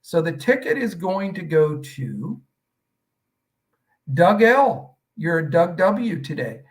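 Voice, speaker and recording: A man's voice: high voice, big pitch swings, slow pace, recorded from a distance, rough recording. A man hosting a live stream, talking in a rambling, chatty way with many fillers. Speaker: host.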